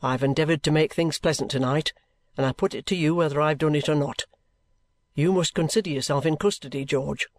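A man's voice: fairly high pitch, no echo, natural voice. Mr Bucket, a man doing a coaxing detective. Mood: firm. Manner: slow, coaxing, colloquial and overly friendly. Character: genial, ingratiating middle-aged male detective.

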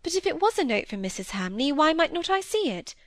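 A woman reading the part of a curious, lively teenage girl who coaxes and pleads with her father. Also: high-pitched, fast, dry recording, clean studio sound. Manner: coaxing, pleading, inquisitive. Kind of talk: audiobook dialogue reading.

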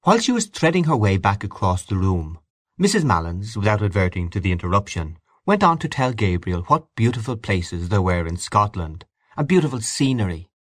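Man, audiobook narration, low voice, lively intonation, dry close sound. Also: no echo. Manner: measured, expressive literary reading. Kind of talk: scripted narration.

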